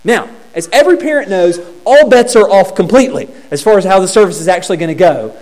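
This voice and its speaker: A male preacher with a high, bright-pitched voice that swoops up and down as he teaches. His sermon delivery is conversational and lightly humorous, and he often doubles back on a word before pushing on. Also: animated, quick pace. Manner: repeats words as he restarts phrases.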